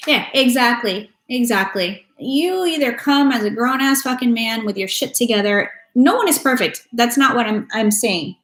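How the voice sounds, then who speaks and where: In an echoey room with faint music behind her, a woman gives her viewers a casual tarot reading, blunt and full of swearing. Her voice sits a little high with a fairly bright tone, and she talks at a normal speed with hardly any pauses.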